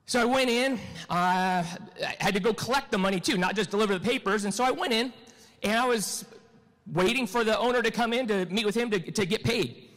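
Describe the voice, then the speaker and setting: A man's voice: high voice, fairly bright tone. A man in his forties from California giving a motivational talk as a real estate team leader. He tells a tall tale with a straight face, acts out the dialogue and asks the audience rhetorical questions. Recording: long hall reverb.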